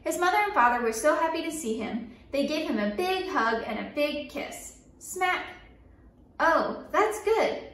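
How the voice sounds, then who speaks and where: A woman reads a children's picture book aloud, bright and high in pitch, and she adds playful sound effects as she goes. Her voice sits a little away from the microphone, in a roomy space with a noticeable echo. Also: moderate pace, few pauses, recorded from a distance. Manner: lively, playful sound effects and call-and-response. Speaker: story time reader. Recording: echoey room, voice a bit off-mic.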